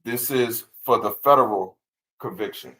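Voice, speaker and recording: A man's voice: medium pitch, normal speed, pushed and bright, low-quality recording. A man hosting a casual livestream, reading legal text aloud and answering viewers' chat in a laid-back way with lots of repeated words. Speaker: channel host answering live chat.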